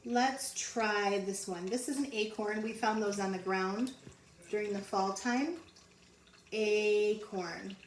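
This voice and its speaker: A woman teaching a phonics lesson to young children, sounding out letters slowly and repeating each word. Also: medium pitch. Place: home. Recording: roomy echo, mic at a distance, faint background noise.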